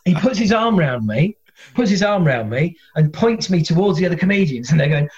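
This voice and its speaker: Comedian guy telling stories, fairly high voice, muffled audio. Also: fairly quick. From England. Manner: animated, acts out other people's voices. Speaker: guest, comedian and former metal singer. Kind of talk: casual storytelling.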